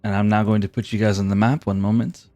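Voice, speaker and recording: A man's voice: on the low side, level tone, quick pace, a little mellow, no echo. A man narrating as game master on a livestream, rambling and correcting himself as he goes.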